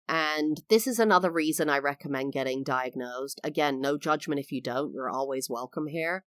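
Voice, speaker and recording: A woman's voice: low voice, normal speed, few pauses, dry recording, clean studio sound. A woman in her thirties hosting a podcast, telling personal stories in a candid, reflective way with emphatic swells. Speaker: podcast host. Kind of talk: personal storytelling monologue.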